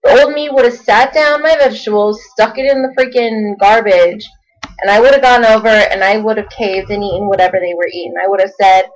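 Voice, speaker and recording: A woman's voice: mid-range voice, fairly even intonation, a little fast, poor audio. A young woman talking casually into her camera in a rambling video diary, full of fillers. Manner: chatty, rambling, many fillers. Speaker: vlogger.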